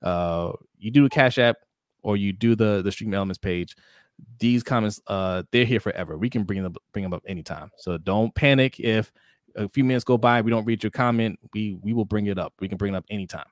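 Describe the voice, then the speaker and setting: A man hosting a casual sports talk show, animated and jokey, acting out quotes in high voices. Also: fairly quick, no echo, clean studio sound. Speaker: podcast host.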